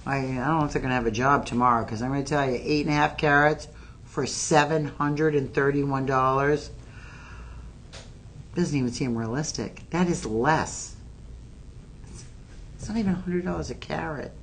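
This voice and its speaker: A woman hosting a live shopping stream, talking straight to viewers in a chatty, excitable sales pitch while filming on her phone. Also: normal speed, long pauses, slight background noise. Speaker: shopping channel host.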